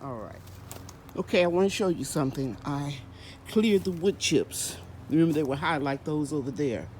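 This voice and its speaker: A woman's voice: low voice, lively intonation, normal speed, a little mellow, a little hiss or hum, poor audio. A woman hosting a gardening vlog outdoors in her home garden, chatting and explaining each step as she works. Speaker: gardening channel host. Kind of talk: casual vlog narration.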